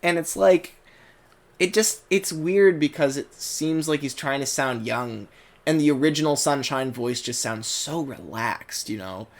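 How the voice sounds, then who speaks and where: A man's voice: fairly high pitch, unhurried. A man with a General American accent, giving a rambling casual commentary as a YouTube reviewer, full of fillers and restarts. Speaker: YouTuber reviewing a cartoon dub.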